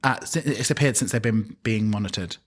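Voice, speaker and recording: A man's voice: fairly low pitch, brisk. A man, co-hosting a casual podcast chat, giggly and full of restarts. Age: 20s to 30s. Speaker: podcast co-host, wig maker.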